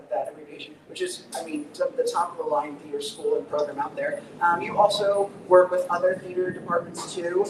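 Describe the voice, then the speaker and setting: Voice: medium pitch, a little mellow. A talk show host interviewing a guest live, enthusiastic and chatty with rambling questions. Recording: echoey public space, distant mic, background noise.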